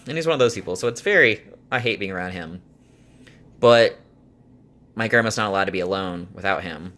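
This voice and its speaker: A man's voice: medium pitch, bright, forceful tone. A young adult man chatting casually to camera, rambling and venting with lots of fillers and exasperated laughs. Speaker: vlogger. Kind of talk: casual chat.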